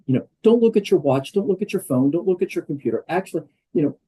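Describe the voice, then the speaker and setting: A man's voice: a little high, lively intonation, fast talker, mellow, slightly rough, poor audio. An older American man, a guest on a podcast interview, talking in a conversational, emphatic way with many fillers. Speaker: guest, wellness program leader.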